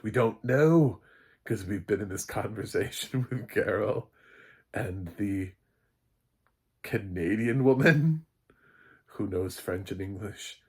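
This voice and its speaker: A man's voice: low voice, breathy edge. A man who is a film critic, giving a casual, rambling spoken recap of a TV episode and often laughing at his own jokes.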